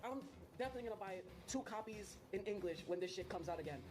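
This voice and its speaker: A man's voice: sits high, lively intonation, fast, over music. A man delivering a profane, mocking rant as casual commentary. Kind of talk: ranting commentary.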